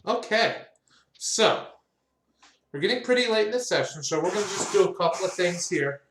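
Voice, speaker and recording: A man's voice: high voice, expressive, normal speed, fairly bright tone, reverberant, slight background noise. A man narrating as game master of a tabletop game, loose and rambling with fillers.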